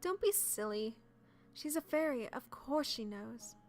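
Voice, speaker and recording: A woman voicing a snide female witch who taunts slowly and sneers in a game playthrough. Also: on the high side, animated, soft background music.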